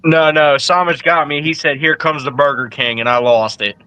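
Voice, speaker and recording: Bright-voiced easygoing man. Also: on the high side, steady tone, moderate pace, clear, resonant tone, no echo, low-quality recording. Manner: easygoing, joking. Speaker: panelist. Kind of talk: casual podcast chat.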